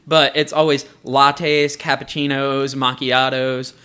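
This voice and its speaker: A man's voice: mid-range voice, slow, clean tone. A young man hosting a casual podcast in an apartment, telling stories animatedly and swearing a lot. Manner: profane, animated storytelling with frequent laughter. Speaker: podcast host. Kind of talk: casual chat.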